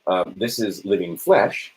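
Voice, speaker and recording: A man's voice: on the low side, very animated, unhurried, creaky, husky, low-quality recording. A man giving an informal lecture, asking and answering his own questions and checking in with "right?" as he goes. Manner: rhetorical, keeps checking in with "right?". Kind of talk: informal lecture to a small audience.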